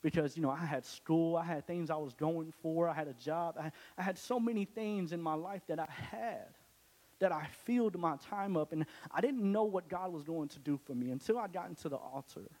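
Young man, casual joking church testimony, a bit high-pitched, reverberant hall. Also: fairly quick, darkish tone. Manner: casual, joking, many restarts. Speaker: church speaker giving testimony. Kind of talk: testimony to a congregation.

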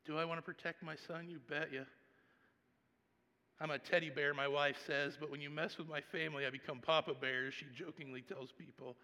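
A pastor with a fairly high, bright, forceful voice, preaching in a conversational, storytelling way. He swings from hushed asides to loud bursts. His words ring out with a long reverb in a large church sanctuary. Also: steady tone, a little fast. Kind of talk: sermon.

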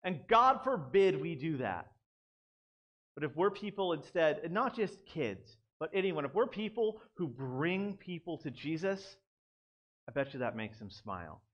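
Animated, high-voiced young male pastor. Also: measured pace, dull audio. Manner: conversational, animated, self-deprecating asides. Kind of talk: casual sermon.

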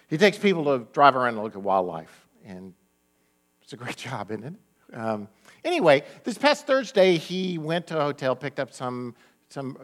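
A man's voice: medium pitch, a bit bright. A middle-aged man, a pastor, preaching a sermon in a chatty storytelling manner and laughing often.

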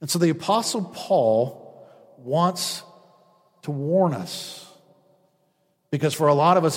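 High-voiced preacher in a reverberant hall. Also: male voice. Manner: preaching with quoted asides and acted-out voices. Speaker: pastor. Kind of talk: sermon.

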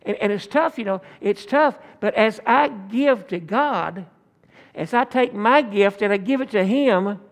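A man's voice: sits high, unhurried. A male pastor, preaching a folksy sermon full of homespun stories and calls for an amen.

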